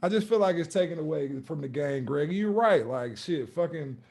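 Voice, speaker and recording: A man's voice: on the high side, expressive, normal speed, a little mellow. Profane, emphatic male sports podcaster. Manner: profane, emphatic, lots of fillers. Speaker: podcast co-host. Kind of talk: casual sports chat.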